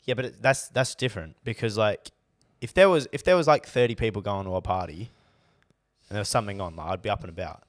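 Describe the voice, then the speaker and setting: A man's voice: on the low side, fast, no echo, clean studio sound. A young man with an Australian accent, co-hosting a podcast in a rambling, chatty way full of filler words. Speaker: podcast co-host. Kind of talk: casual chat.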